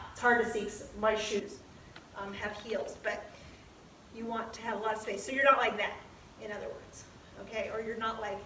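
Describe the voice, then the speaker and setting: A woman teaching ballet terms, talking slowly, repeating each term while she demonstrates in a dance studio. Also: a little high, a bit bright, a little hiss or hum. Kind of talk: ballet lesson. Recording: echoey room from a distance.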